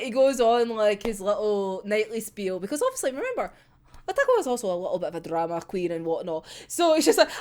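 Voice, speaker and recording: Young woman fan reviewer, high and bouncy voice, gushing, swears freely, laughs a lot. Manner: excitable, sweary, laughs often. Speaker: manga reaction vlogger. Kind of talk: casual chat reviewing a comic chapter.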